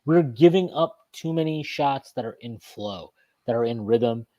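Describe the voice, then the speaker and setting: This is a man who hosts a casual postgame sports show. He rants with heat and swears freely, often restarting and repeating phrases. His voice sits at an ordinary middle pitch. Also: expressive, measured pace, dark tone. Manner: heated profane ranting, emphatic. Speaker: sports podcast host.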